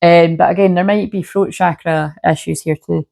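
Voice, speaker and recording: A woman's voice: on the low side, fairly even intonation, normal speed, gravelly, mellow. A woman, a shamanic healer, rambling casually to camera at home with a sore throat, swearing freely and saying "you know what I mean" a lot. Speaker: shamanic healer and spiritual reader. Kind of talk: casual spiritual reading monologue to camera.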